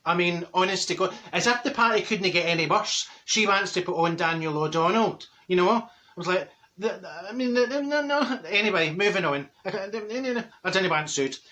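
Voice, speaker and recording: A man's voice: high voice, expressive, moderate pace, sharp tone. A man playing a blunt, gossipy middle-aged woman from Glasgow with a Glaswegian accent, telling comic stories to camera. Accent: Glaswegian Scottish. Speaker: comic character monologue.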